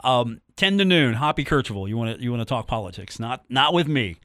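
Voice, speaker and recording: A man's voice: medium pitch, animated, brisk, a bit bright, no room sound, clean studio sound. A man hosting a sports talk radio show, chatting casually and joking with listeners between game talk. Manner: chatty, joking, repeats phone numbers and catchphrases. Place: radio studio. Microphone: studio microphone.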